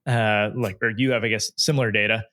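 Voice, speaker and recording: A man's voice: on the low side, steady tone, fairly quick, bright, forceful tone, no echo. Man, podcast host, dry close sound, casual interview, rambling questions, lots of fillers. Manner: loose, filler-heavy questions. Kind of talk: conversational business interview.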